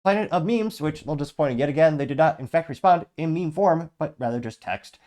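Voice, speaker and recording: A man hosting his own political commentary show, reading out viewer comments in a rapid, blunt and sarcastic way while running on lots of coffee. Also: fairly high pitch, animated, a little mellow. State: over-caffeinated. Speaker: host.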